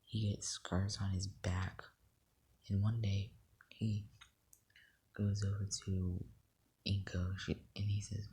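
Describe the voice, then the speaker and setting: A fan storyteller at home at night, talking low in a near whisper, rambling with many fillers. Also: little pitch movement, slow pace, mellow, husky. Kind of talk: casual fan-fiction storytelling.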